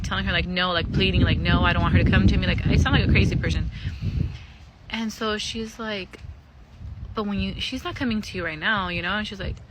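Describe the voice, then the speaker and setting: A young woman tells a story for a casual storytime vlog, swearing freely and leaning on "like" and "you know" as she chats candidly. Her mid-range voice has a fairly bright tone, and the low-quality recording carries a little hiss or hum.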